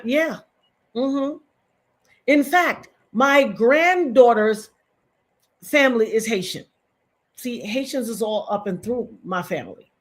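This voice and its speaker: A woman's voice: fairly high pitch, animated, takes it slowly, pauses often. A middle-aged woman giving impassioned, emphatic live-stream commentary to her chat, repeating points for stress.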